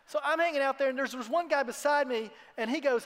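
A man preaching a sermon to his congregation in a church, earnest, sometimes dropping to a hushed tone for emphasis. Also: extremely high pitch, racing. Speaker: pastor. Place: church hall. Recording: long hall reverb.

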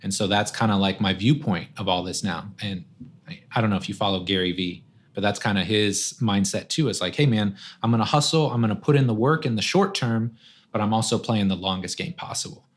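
A strength coach appears as a podcast guest, talking a little fast in a lowish voice. His manner is casual and conversational, often dropping in "man" and "right?"

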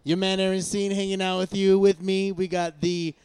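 Young man, podcast host, casual profane banter, joking, slightly high voice. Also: level tone, normal speed, darkish tone, clear, resonant tone, no room sound.

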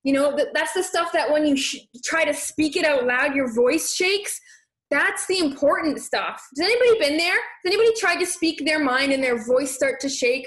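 A young woman with a high voice leads a motivational live chat, warmly pushing her viewers to step out of their comfort zone. She sounds energetic and encouraging. The room is echoey. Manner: energetic, encouraging, reads viewer comments aloud. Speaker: live stream host coaching viewers.

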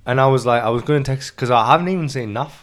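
A man's voice: mid-range voice, racing, fairly bright tone. Blunt podcast man. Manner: blunt, swears, short reactions and laughs. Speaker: podcast co-host. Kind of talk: casual chat.

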